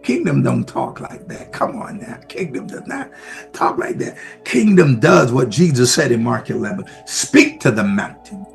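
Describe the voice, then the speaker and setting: A male pastor preaching a sermon with emphatic, repetitive exhortations and sudden shouts. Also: medium pitch, very animated, moderate pace, creaky, faint music behind.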